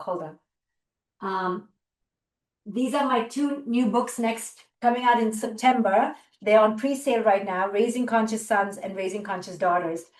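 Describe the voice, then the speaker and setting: A middle-aged woman with a high voice gives a motivational talk over a video call. She speaks with passion and emphasis, often repeating her key words. Her voice comes across distant and echoey, as if heard from across a reverberant room. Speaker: clinical psychologist and guest speaker.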